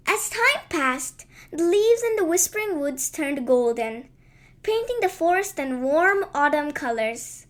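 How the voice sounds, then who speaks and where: High-voiced woman reading a kids bedtime story real slow, gentle and lilting. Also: sing-song.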